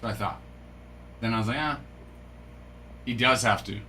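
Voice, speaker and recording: A man with a bright, forward voice chats casually on a live stream, wondering aloud and reacting to viewers' comments. A faint hum sits in the background of his recording. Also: mid-range voice, moderate pace. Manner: chatty, musing aloud, reads from a screen, stumbles over French names. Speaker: card break streamer.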